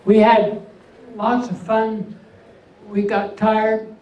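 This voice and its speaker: An older man with an unusually high voice doing a stand-up comedy set, delivering deadpan one-liners with pauses before each punchline. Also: dull audio. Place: veterans' hall event room. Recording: echoey hall, mic far off, faint hum.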